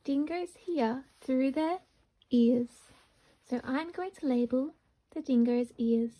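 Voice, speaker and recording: Slow, high-voiced phonics teacher woman. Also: mellow. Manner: slow, sounding out words syllable by syllable. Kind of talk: phonics lesson for young children. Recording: dull lo-fi recording.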